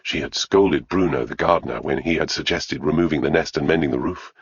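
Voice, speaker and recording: A man narrating an audiobook in a measured, unhurried way. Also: extremely low pitch, husky, no room sound, lo-fi sound.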